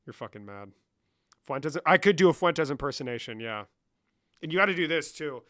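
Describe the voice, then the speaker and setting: A man's voice: a little high, lively intonation, normal speed, fairly bright tone, no room sound, studio quality. A young man live-streaming, casually reading chat comments and answering them with lots of swearing. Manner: profane, reads chat aloud and answers.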